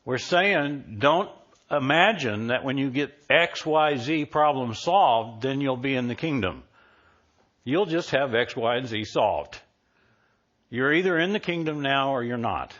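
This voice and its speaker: Male minister, mid-pitched, preaches casually to his congregation, dull church recording. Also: lively intonation, a little slow, a bit bright. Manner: conversational, asks the congregation questions. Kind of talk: live sermon. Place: church sanctuary.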